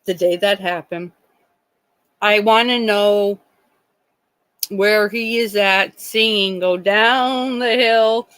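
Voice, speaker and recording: A woman's voice: mid-range voice, fairly even intonation, slow, long pauses, a bit bright, smooth, dry recording, rough recording. A woman hosting a true crime livestream, talking in a rambling, indignant way with many restarts and some swearing. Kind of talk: casual livestream chat.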